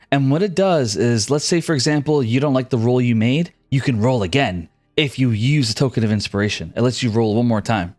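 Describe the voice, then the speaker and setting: A man running a tabletop game as dungeon master, narrating battle scenes in a lively, descriptive way. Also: medium pitch, no echo, studio quality.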